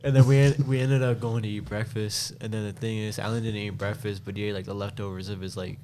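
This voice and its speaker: A man's voice: fairly low pitch, fast talker. Laughing young man telling stories. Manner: laughing storyteller, swearing, animated impressions. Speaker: podcast co-host. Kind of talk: casual chat.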